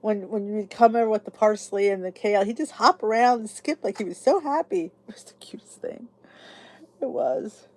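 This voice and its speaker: A woman's voice: mid-range voice, fairly quick, hardly any pauses, a little mellow. Chatty woman hosting a live chat. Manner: chatty, reads out viewer comments. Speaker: YouTube channel host. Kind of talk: casual live chat with viewers.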